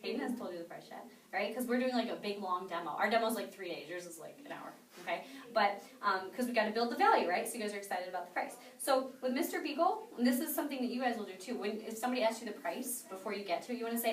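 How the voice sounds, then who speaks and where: This young woman, medium-pitched and fast with hardly any pauses, is running an upbeat sales training session for a group. She quizzes her trainees nonstop with "okay?" Her voice echoes around the training room, picked up by a far-off mic.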